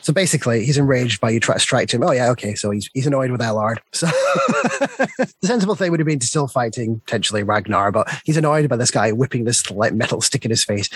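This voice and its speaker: A man's voice: mid-range voice, expressive, fast talker, husky, no echo. A man acting as game master, steadily explaining each combat turn and chuckling often. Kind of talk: narrating a tabletop game.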